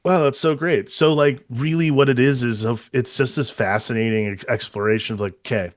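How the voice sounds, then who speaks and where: A man co-hosting a movie podcast in loose, unscripted chat, rambling through his points with frequent fillers and casual swearing. His voice sits at an ordinary pitch, recorded close and dry with no room sound. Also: fairly even intonation, brisk, no room sound. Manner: rambling, profane, full of fillers and restarts. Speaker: podcast co-host.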